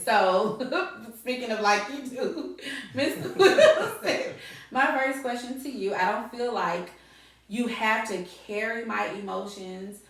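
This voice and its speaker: A middle-aged woman hosting a podcast, chatting casually and animatedly, laughing often and repeating words for emphasis. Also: medium pitch. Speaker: podcast host. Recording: echoey room, distant mic.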